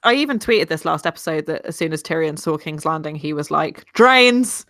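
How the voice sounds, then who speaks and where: A woman's voice: low voice, fairly quick, dry recording, studio quality. A woman on a live online chat show, talking things through animatedly with a laugh here and there. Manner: animated, thinking aloud, laughing. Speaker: panelist. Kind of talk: casual live-stream chat.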